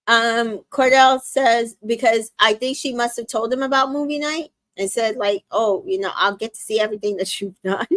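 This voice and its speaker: A woman's voice: on the high side, fairly bright tone, dry recording. A young adult woman casually recapping a reality show, retelling scenes with quoted lines, many fillers and small laughs. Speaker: recap host.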